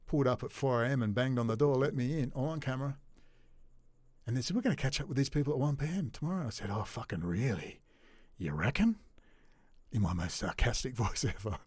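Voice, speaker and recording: A man giving a ranting solo commentary, sarcastic, swinging between low muttering and loud mocking outbursts. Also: no echo. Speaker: commentary host.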